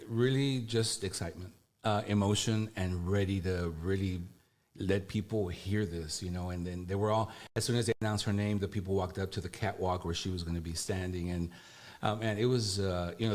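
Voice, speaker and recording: A man being interviewed as a musician guest, talking in a relaxed, rambling way with many fillers. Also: sits low, a little fast. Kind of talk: casual interview.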